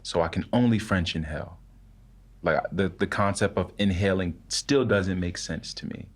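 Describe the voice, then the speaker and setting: A young man with a very low, deep voice tells a story as a podcast guest. He speaks casually and haltingly. He keeps restarting his sentences and filling them with "like". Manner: halting, full of "like" and repeated words.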